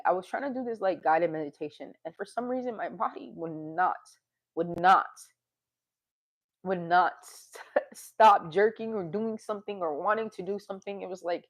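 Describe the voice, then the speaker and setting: In a candid, casual monologue, a woman vlogs to her viewers in a rambling, confessional way. Her voice is mid-range and her speed normal, and she sighs, laughs and swears now and then.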